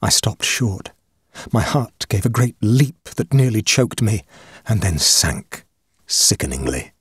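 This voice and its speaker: A man reading a ghost story aloud in measured, dramatic scripted narration. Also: fairly low pitch, big pitch swings, fairly bright tone, husky, no echo, studio quality. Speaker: audiobook reader.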